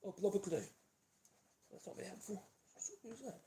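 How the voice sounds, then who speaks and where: A man's voice: high voice, moderate pace, mellow. Norfolk man hosting a woodwork stream, rambling and chatty, heavy workshop noise behind. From Norfolk, East of England. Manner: rambling, hums and chats while working. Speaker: woodworking channel host. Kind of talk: casual live workshop demonstration. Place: home workshop. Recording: noisy workshop livestream. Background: sanding and tool noise.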